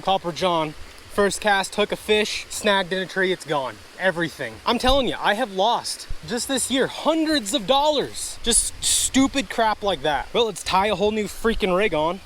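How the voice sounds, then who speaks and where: A man's voice: sits high, fairly bright tone, a little hiss or hum. A man fishing a wooded stream outdoors, chatting casually to his viewers and grumbling when things go wrong. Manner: chatty, easily frustrated, talks to viewers as folks and guys. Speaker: fishing vlogger. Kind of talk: casual outdoor vlog narration.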